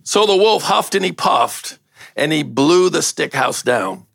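A man's voice: on the high side, animated, a little slow, vocal fry, a bit bright, no room sound, studio quality. An older man, a pastor, giving a casual sermon, reading a story aloud and bantering with his audience.

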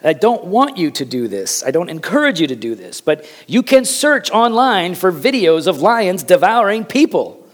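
A pastor delivering a sermon in a somewhat high-pitched male voice. He tells the story with drama, moving between loud emphasis and hushed, low passages. He often repeats a word when he wants it to land. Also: sing-song, normal speed.

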